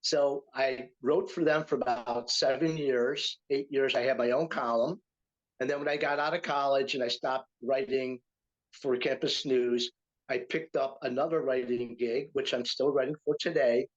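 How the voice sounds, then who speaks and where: A man's voice: mid-range voice, steady tone, moderate pace, highs cut off. An older man from upstate New York, a retired teacher and writer, telling a story in a casual interview with many fillers and restarts. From Utica, New York, USA.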